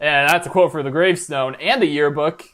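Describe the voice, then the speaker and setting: A man's voice: fairly high pitch, a little fast, a bit bright, a little hiss or hum. A young man, a college student, rambling through a comedic reaction commentary with lots of fillers and restarts in a mock-earnest way. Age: young adult. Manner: mock-earnest, self-deprecating. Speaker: reaction video host.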